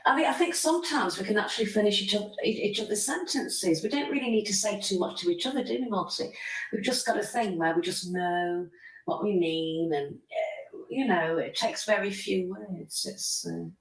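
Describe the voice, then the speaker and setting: Gravelly woman on a livestream. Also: medium pitch, distant mic. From United Kingdom. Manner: opinionated, rambling, talks to chatters by name. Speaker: livestream host. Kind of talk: casual livestream chat reading comments. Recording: echoey room, voice away from mic.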